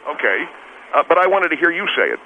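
A man's voice: fairly high pitch, very animated, fast talker. A man voicing a blustery, touchy steakhouse owner who calls in, boastful and easily flustered. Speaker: caller. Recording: tinny phone line with faint hiss.

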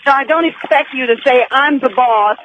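A woman's voice: sits high, moderate pace. A woman calling in to a radio show, indignant and lecturing, over a phone line. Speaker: caller. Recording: tinny phone line with noise.

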